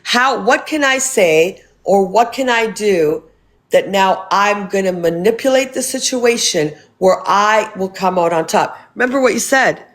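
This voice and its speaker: A woman hosting a live stream, angrily confronting a guest with profanity. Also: medium pitch.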